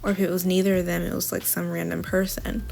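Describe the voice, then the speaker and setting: A woman's voice: lowish voice, level tone, quick pace, creaky, darkish tone. A young adult woman giving a casual, chatty plot recap and review of a TV show, often saying "like" and acting out what the characters said. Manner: chatty plot recap with frequent "like" and quoted dialogue. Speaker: TV review vlogger.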